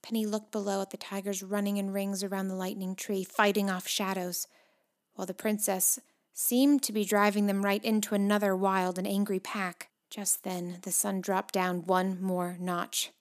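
A woman narrates a children's storybook with lively expression. She sinks into soft whispers for tense, quiet moments and rises into bright, louder reading when the action picks up. Her voice sits at an ordinary middle pitch for a woman. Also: moderate pace. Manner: expressive, shifts between hushed whispers and loud excited calls.

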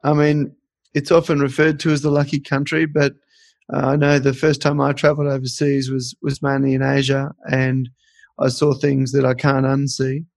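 Gravelly man, reflective. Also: medium pitch, completely flat delivery, moderate pace, no echo. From Australia. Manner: reflective, storytelling. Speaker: podcast host. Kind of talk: casual podcast conversation.

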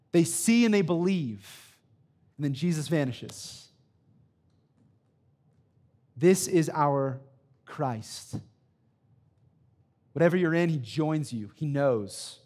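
Thirties male student pastor, emphatic sermon delivery, pitched a bit high. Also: darkish tone. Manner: emphatic preaching with repeated "right?" and a personal story. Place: church sanctuary.

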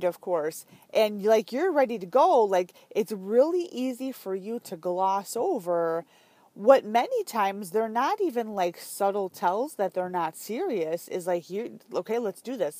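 A woman's voice: mid-range voice, dark tone, dry recording. Chatty woman coaching, dry close sound. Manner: chatty, filler-heavy, emphatic. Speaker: fitness business coach. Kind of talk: casual coaching talk.

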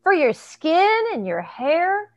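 A woman guest, a nutritionist, telling animated stories with emphatic asides and laughs. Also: very high-pitched, highs cut off. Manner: emphatic, quick asides, laughs between points. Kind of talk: animated storytelling.

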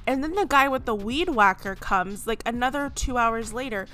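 A young woman hosting a solo podcast, venting in a chatty, animated way with many fillers. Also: a little high, moderate pace, few pauses, soft background music. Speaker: podcast host. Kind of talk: casual solo podcast rant. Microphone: podcast microphone.

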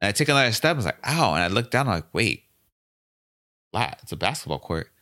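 A young adult man with a fairly low voice and a bright, forceful edge to his tone. He tells his story in a relaxed, profane way. He slips into quick impressions of the people he quotes. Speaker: podcast guest, gym owner. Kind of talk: casual storytelling.

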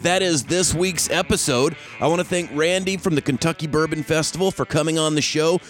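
A man's voice: fairly high pitch, a little fast, soft background music. Folksy, enthusiastic male podcast host. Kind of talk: casual interview chat.

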